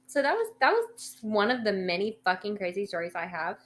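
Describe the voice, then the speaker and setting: A woman's voice: mid-range voice, sing-song, a little fast, a bit bright. A young woman co-hosting a podcast, telling a story in casual chat, rambling with many fillers and freely swearing. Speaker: podcast co-host.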